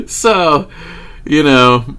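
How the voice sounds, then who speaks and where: A man vlogger telling a personal story in a casual, animated way, swearing freely and laughing often. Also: on the high side, smooth.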